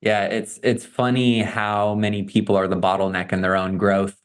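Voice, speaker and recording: A man's voice: on the low side, level tone, normal speed, clear, resonant tone. A man hosting a podcast interview, affirming his guest and steering with follow-up questions. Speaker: podcast host.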